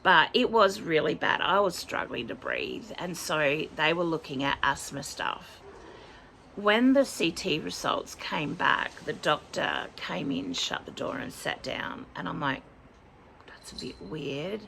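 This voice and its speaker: Woman vlogger, low voice with gravelly fry, heartfelt chatty storytelling. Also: big pitch swings, a little slow, pushed and bright, slight background noise, rough recording. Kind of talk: personal year-in-review chat.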